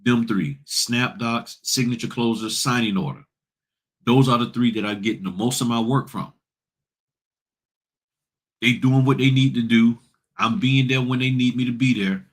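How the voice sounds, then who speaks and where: A middle-aged man hosting a casual livestream, talking bluntly and preachily to his viewers in slangy speech. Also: medium pitch. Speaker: notary business host.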